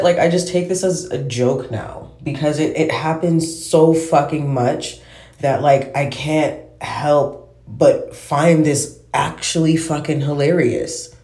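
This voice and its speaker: A man talks through a loose, casual podcast monologue, swearing freely and losing his thread before picking it up again. His voice is mellow and warm. The room around him is echoey. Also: fairly high pitch, a little slow. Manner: rambling, swears freely, trails off and restarts. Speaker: podcast host. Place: at home, smoking while recording. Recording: roomy echo.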